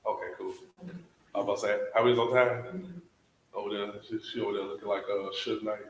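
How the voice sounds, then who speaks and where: A man's voice: on the low side, steady tone, a little fast, noisy background. A man hosting a live event, bantering and joking with the crowd. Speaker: event emcee. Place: hotel event hall. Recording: echoey hall with a crowd.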